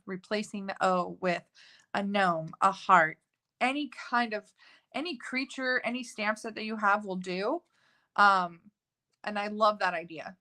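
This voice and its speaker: A woman leads a live card-making tutorial in a bright, forward voice at a middling pitch. She chats and gushes as she works, filling pauses with little ums. Her talk rambles happily from one idea to the next. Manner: chatty and gushing, with frequent fillers. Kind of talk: live crafting tutorial chat.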